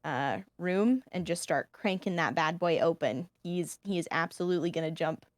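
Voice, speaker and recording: A woman's voice: lowish voice, moderate pace, no echo, studio quality. A woman playing in a tabletop role-play game, describing her character's actions with many hesitations. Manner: hesitant, filler-heavy. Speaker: player.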